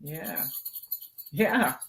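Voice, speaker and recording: A man's voice: on the high side, lively intonation, drawn-out words, a bit bright. A man co-hosting a casual livestream, reading out viewer comments and laughing along. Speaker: stream co-host. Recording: echoey room with crowd noise.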